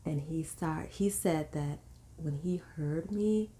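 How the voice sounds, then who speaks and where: A woman guest telling a story in casual conversation, animated and slipping into the voices of people she quotes. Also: sits low, slow pace.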